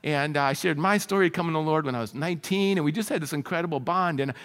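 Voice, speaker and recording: High-voiced pastor preaching in a reverberant church. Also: male voice, fast, a bit bright. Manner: earnest, conversational preaching with fillers. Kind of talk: sermon. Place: church sanctuary.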